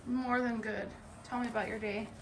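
A woman's voice: on the high side, steady tone, normal speed, noisy background. A woman home decor vlogger wrapping up a casual home tour, chatty, playful and self-mocking. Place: her home.

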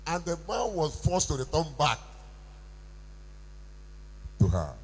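A male pastor preaching a sermon with call-and-response questions, rising to shouts. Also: on the high side, huge pitch swings, slow pace, pauses often, slightly rough, low-quality recording. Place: church.

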